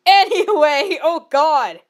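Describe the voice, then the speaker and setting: A woman's voice: sits high, lively intonation, takes it slowly. A young woman doing a comedic dramatic reading of a bad fanfiction, giggling and adding exasperated asides, often stumbling over words. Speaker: online reader of bad fanfiction.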